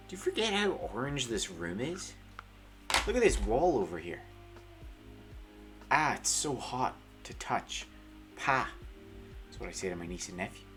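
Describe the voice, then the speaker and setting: A man streaming casual chat, teasing a friend, swearing and laughing. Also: fairly low pitch. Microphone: headset earphones.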